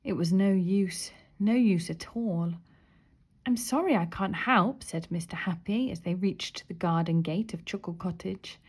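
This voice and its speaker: A woman reading a children's storybook aloud, expressive with soft whispered asides. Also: on the low side, a little slow, hardly any pauses. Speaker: story reader.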